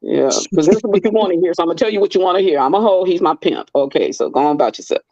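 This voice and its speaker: A woman's voice: rapid-fire, no echo, dull audio. A middle-aged woman in casual chat, telling stories and acting out the people in them with big jumps in her voice. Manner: animated, acts out quoted people with big pitch leaps.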